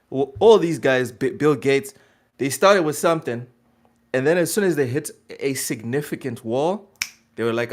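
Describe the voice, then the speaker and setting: A man co-hosting a casual gaming podcast, animated and joking, swearing freely. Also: mid-range voice. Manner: animated, swears, laughs a lot. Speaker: podcast co-host.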